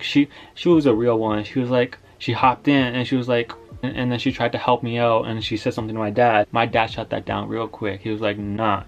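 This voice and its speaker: A young man telling a story time in a casual, slangy, rambling way, filling his talk with "like". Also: medium pitch.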